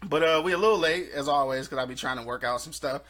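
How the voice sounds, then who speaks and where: A man's voice: on the high side, fast talker, a bit bright. Laid-back man hosting a casual podcast. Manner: laid-back slangy banter, laughs often. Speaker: host. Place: small studio.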